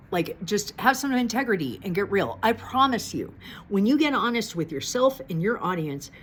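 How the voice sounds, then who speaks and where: A woman's voice: medium pitch, slight background noise. A woman talking straight to camera as a YouTube commentator, venting in a rambling, profane way that keeps circling back on itself. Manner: rambling and profane, with frequent restarts. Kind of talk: casual venting monologue to camera.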